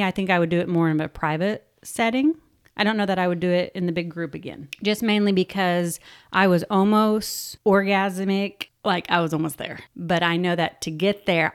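A woman's voice: lowish voice, clean tone. A middle-aged woman co-hosting a casual chat, talkative and giggly, laughing often as she tells her stories. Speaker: podcast co-host.

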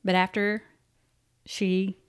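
A middle-aged woman with a voice of ordinary pitch who chats freely and giggles often. She tells her stories openly in a relaxed conversation. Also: takes it slowly, clear, resonant tone. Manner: chatty and giggly, laughs often. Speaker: podcast co-host. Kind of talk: casual chat.

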